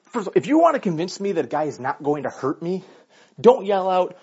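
A man with a slightly high, husky voice rants bluntly and swears constantly, his pitch swinging widely as he argues. He talks while walking his dog, and the recording sounds dull and lo-fi. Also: sing-song, a little fast, darkish tone. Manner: profane, blunt and argumentative. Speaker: vlogger. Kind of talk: casual ranting monologue.

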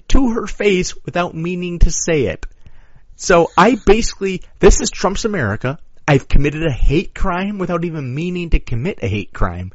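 A Chicago-area man co-hosting a podcast tells a crude story in casual conversation, packed with swearing and acted-out quotes. His fairly high voice is very animated and moves at a moderate pace. The recording is dry, dull and lo-fi.

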